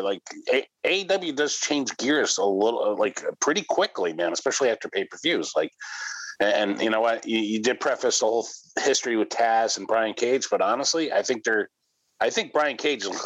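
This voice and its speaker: A man's voice: lowish voice, animated, fairly quick, fairly bright tone, dry recording, poor audio. A man co-hosting a casual wrestling review podcast, rambling with lots of fillers and jokes. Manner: rambling, filler-heavy, jokey. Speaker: podcast co-host.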